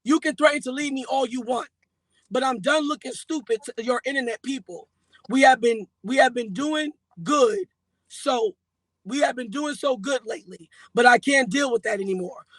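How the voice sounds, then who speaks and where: A man's voice: very high-pitched, fairly bright tone, dry recording, poor audio. A man telling the story of a fight with his partner, acting out both sides of the argument in a heated, casual way. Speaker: guest recounting a breakup.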